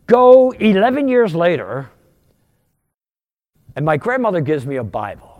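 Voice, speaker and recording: A man in his sixties from outside Philadelphia, telling his conversion story as a sermon testimony, with animated, storytelling delivery. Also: measured pace, big-room sound, narrow, tinny audio. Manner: animated storytelling, wide pitch swings, rising for punchlines. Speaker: guest speaker giving testimony.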